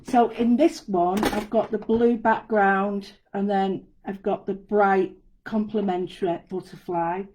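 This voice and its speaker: A woman's voice: medium pitch, fairly even intonation, a little slow, darkish tone, slight background noise, rough recording. A woman giving a chatty, step-by-step live craft demonstration from an indoor studio. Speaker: guest designer demonstrating a craft.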